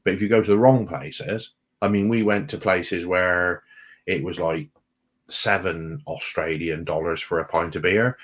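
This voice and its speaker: Deep-voiced man chatting casually. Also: a little slow. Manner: relaxed, plain-spoken, repeats himself. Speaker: travel vlog co-host. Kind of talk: casual live stream chat.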